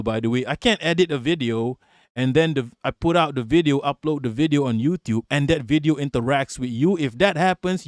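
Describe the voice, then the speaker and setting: A man's voice: on the high side, a little mellow, no echo, studio quality. A man hosting a live political stream, reading chat and ranting with a lot of swearing. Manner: profane, ranting, talks back to chat.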